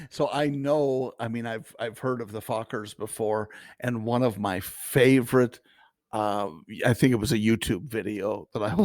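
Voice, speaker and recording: A man's voice: mid-range voice, a little mellow, dry recording. A man with a mid-range voice chats on a podcast. He talks loosely, laughs often and lets his thoughts trail off. The recording is dry and close. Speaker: podcast co-host. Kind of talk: casual chat.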